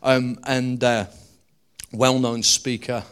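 A man's voice: medium pitch, slow, clean tone. A male preacher giving a sermon, telling stories with humorous asides. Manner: animated, humorous storytelling with asides.

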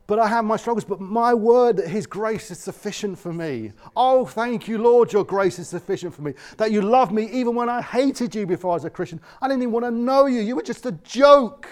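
An earnest male pastor preaching a sermon in a slightly raised voice. He drops to near hushes and then climbs loud again, slipping into the voices of the people he quotes. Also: sits high, normal speed. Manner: earnest, swings between loud and quiet.

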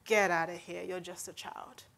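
A woman's voice: a little high, moderate pace, lightly acted. A woman voicing a scoffing older man with a mock Jamaican accent, dismissing a boy as a mere child.

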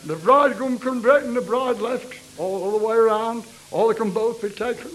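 A man's voice: extremely high pitch, normal speed, poor audio. A man preaching a fervent revivalist sermon, repeating his refrain and breaking into tongues.

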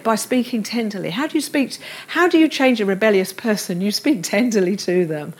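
Woman preacher, middle-aged, earnest sermon delivery, slightly high pitch. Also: slightly rough. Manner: earnest, reads scripture aloud with quiet tender emphasis.

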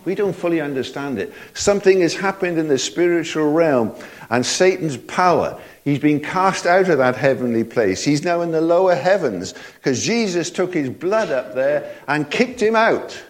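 Chuckling older preacher. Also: male voice, fairly high pitch, animated, normal speed. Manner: folksy, chuckling, repeated tag questions. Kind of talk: sermon.

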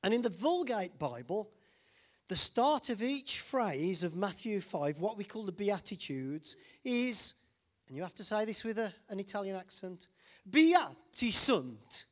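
A man preaching in a church, his voice sitting high and swinging widely in pitch. He keeps it light and jokey, teasing the congregation and pressing them with questions. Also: animated, moderate pace. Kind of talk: sermon.

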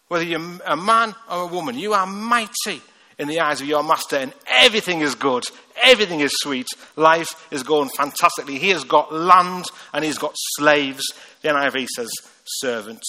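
Bright high-voiced preacher. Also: male voice, normal speed. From north of England. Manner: humorous, conversational, laughing at his own jokes. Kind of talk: sermon. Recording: echoey hall with long reverb.

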